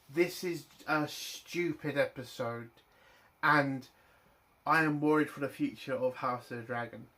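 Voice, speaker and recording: A man angrily ranting in a TV review vlog, swearing heavily and breaking into loud indignant bursts. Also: mid-range voice, a little slow, slight background noise. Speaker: TV review vlogger.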